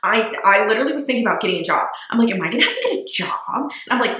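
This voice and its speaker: A chatty young woman talks straight to camera in a casual vlog, packing her sentences with "like" and the odd swear word. Her voice is bright and sharp, and it carries a roomy echo from the space around her. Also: a little high, lively intonation, fast talker. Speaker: small business owner.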